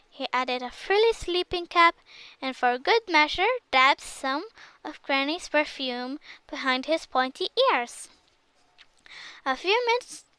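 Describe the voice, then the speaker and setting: Bright high-voiced woman reading a kids story, dry close sound, lots of expression. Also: no echo, poor audio. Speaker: storybook reader. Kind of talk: reading a children's story aloud.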